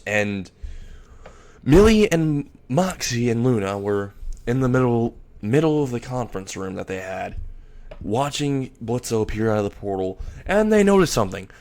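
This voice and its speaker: A man's voice: medium pitch, a little mellow. A man narrating a fan-made story in a casual, rambling way, restarting words and swearing casually.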